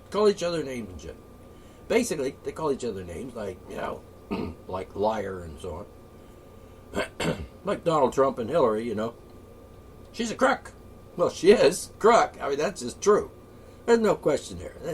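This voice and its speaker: A man ranting off the cuff, profane and rambling, with frequent asides and throat-clearing. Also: medium pitch. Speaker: political ranter. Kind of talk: off-the-cuff solo rant. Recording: voice a bit far from the mic, faint ambient noise.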